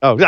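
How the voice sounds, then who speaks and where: A man from California, co-hosting a casual podcast chat with joking, quick banter and frequent laughs. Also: sits high, pushed and bright, dull audio, a little hiss or hum. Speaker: podcast co-host. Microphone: remote call.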